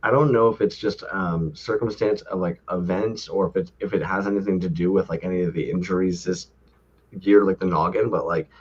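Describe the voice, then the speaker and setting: A man's voice: sits low, fairly even intonation, fairly quick, slightly rough. A man co-hosting a toy podcast, telling rambling, profane stories in a laid-back way. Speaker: podcast co-host. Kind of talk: casual toy-collector chat. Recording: dull lo-fi audio.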